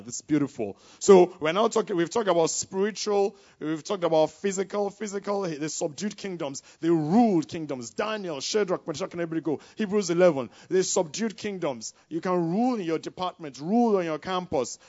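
A man preaching a sermon to students, checking in with his listeners again and again and swinging from quiet asides to loud exclamations. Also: fairly high pitch. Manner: call-and-response preaching, repeated checks with the listeners. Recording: dull lo-fi recording.

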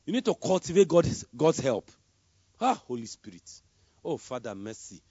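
A man preaching a sermon, swinging between loud emphatic calls and soft murmured prayer. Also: a little high, very animated, normal speed, slightly rough, no echo. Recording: dull lo-fi sound.

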